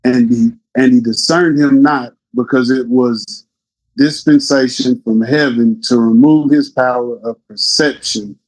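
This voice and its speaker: A man reading scripture aloud in a steady, deliberate way. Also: mid-range voice, low-quality recording. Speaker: scripture reader.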